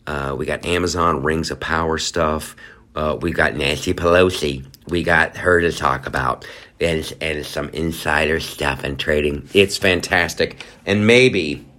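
A man hosting a podcast, riffing sarcastically through casual political commentary with quick mock voices. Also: extremely low pitch, pushed and bright. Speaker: podcast host.

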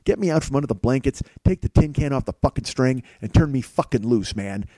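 Profane, mellow-voiced rambling podcast man. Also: medium pitch, expressive, a little fast, no echo. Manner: profane, self-mocking, rambling. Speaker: podcast host. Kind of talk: casual rambling monologue. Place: home kitchen.

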